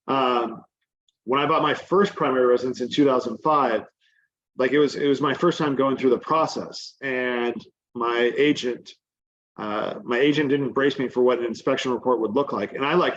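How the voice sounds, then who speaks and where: A man's voice: mid-range voice, highs cut off. A man giving a casual teaching presentation as a guest speaker, talking in a chatty way full of "like" and "um". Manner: chatty, many fillers like "like" and "um". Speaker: guest presenter on real estate exchanges.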